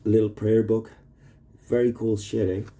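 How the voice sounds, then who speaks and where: Rambling, profane man with a dark voice. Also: fairly low pitch, level tone, measured pace. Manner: rambling, profane, jumps between topics. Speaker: vlogger. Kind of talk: rambling video message to his wife. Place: indoors, shared home with sleeping roommates.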